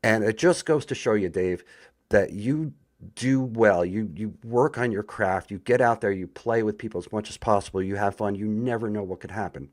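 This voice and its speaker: Deep-voiced man, an eager podcast guest. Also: normal speed, dry recording, clean studio sound. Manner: candid and enthusiastic, with filler words. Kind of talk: casual conversational podcast.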